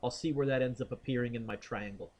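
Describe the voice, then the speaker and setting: A male physics teacher thinks aloud as he works through physics problems in a classroom lecture, quizzing students by name. He talks fast in a mid-range, slightly mellow voice.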